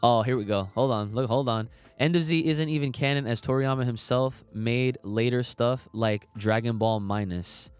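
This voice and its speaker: A man's voice: medium pitch, moderate pace, few pauses, clean tone, soft background music. A young man hosting a casual podcast livestream, talking emphatically in slangy, swearing rants and reading out chat comments. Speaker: podcast host.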